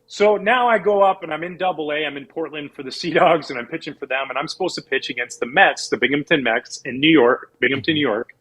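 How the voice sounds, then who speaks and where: Husky ex-athlete telling stories. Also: male voice, a little high, fast talker, few pauses, poor audio. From Canada. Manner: animated storyteller, acts out quoted people. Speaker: former pro athlete guest. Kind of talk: casual storytelling interview.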